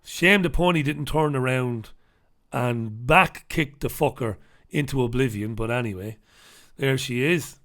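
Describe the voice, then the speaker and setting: Gravelly ranting male host. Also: mid-range voice, measured pace, fairly bright tone. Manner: ranting, profane, sarcastic. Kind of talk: newspaper review broadcast.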